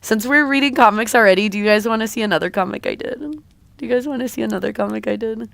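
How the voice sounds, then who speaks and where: A woman's voice: a little high, fast talker, creaky, no room sound. A woman streamer with a slightly raw voice, chatting casually with her viewers in a rambling, hesitant way. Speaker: streamer and artist. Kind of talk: casual live-stream chat.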